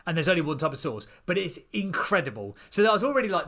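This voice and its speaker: Man, 30s, podcast guest; rapid storyteller who acts out voices. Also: fairly high pitch. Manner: animated, acts out other people's voices.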